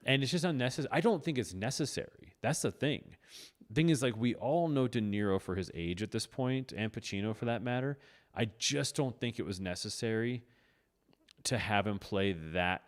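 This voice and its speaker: A man's voice: mid-range voice, normal speed. A man co-hosting a podcast in casual comedic chat, rambling with lots of "like" and restarts. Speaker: podcast co-host.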